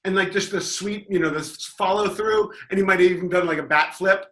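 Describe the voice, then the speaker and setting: A man's voice: sits high, a little fast, echoey room. A man on a comedy podcast panel telling a rambling story full of restarts. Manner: rambling, with many restarts and loud mocking impressions.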